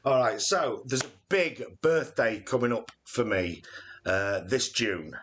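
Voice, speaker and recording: A man's voice: mid-range voice, measured pace, a bit bright. Jokey rambling man in his forties. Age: 40s. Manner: jokey and rambling, with many fillers. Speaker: channel co-host. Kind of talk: live-stream Q&A chat.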